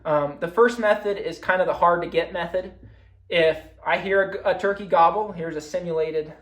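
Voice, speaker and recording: A man's voice: sits high, normal speed, a bit bright. A young man giving a casual recorded talk on hunting, explaining his methods as he demonstrates them. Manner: casual, explains with hands-on calling demos. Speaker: hunting presenter. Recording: echoey room.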